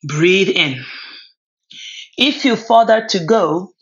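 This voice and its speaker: A woman leading a yoga class, giving short calm cues for poses and breathing with a word of encouragement now and then. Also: on the low side, slow. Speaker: yoga instructor. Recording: slightly dull lo-fi sound.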